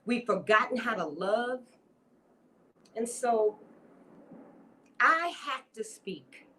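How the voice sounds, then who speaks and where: Heartfelt older woman speaking slowly. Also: on the high side, expressive, pushed and bright, a little hiss or hum, poor audio. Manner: heartfelt, emphatic, repeats herself. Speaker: guest speaker. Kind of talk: impassioned rally speech.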